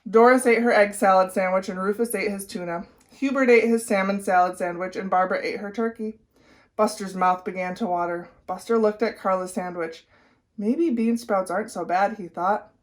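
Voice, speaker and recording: A woman teacher leading a guided read-aloud for children, with clear, expressive storytelling. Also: medium pitch, brisk. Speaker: reading teacher.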